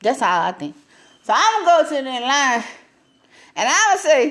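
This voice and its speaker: Woman live-streamer, animated, laughing, voice a bit high and swooping. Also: normal speed, long pauses. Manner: animated, voice swinging up and down, laughing often. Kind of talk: casual live stream talk.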